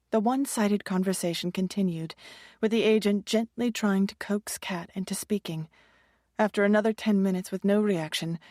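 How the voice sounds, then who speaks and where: A woman narrating a suspense audiobook in a measured, even reading. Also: mid-range voice, no room sound, clean studio sound.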